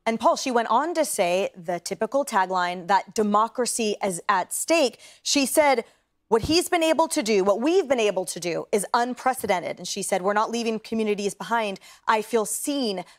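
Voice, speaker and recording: A woman's voice: mid-range voice, animated, moderate pace. A woman on a TV news panel, sounding skeptical as she reports what was said. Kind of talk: television news commentary.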